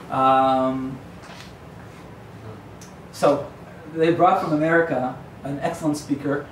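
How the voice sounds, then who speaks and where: Rabbi guy giving a rambling jokey talk, voice kinda high, echoey hall far from the mic. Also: steady tone, slow pace, pauses often, a little hiss or hum. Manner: digressive, joking storyteller. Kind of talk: sermon. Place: yeshiva lecture hall.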